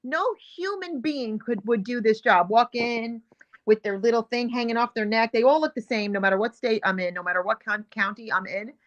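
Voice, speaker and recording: A woman's voice: fairly high pitch, normal speed, lo-fi sound. A woman hosting a show, giving heated, emphatic commentary on video clips and repeating her points with indignation. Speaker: show host.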